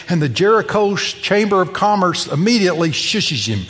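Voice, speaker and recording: High-voiced preacher in a reverberant hall. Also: male voice, moderate pace, hardly any pauses. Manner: animated storytelling, acting out the people in the passage. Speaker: pastor. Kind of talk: sermon.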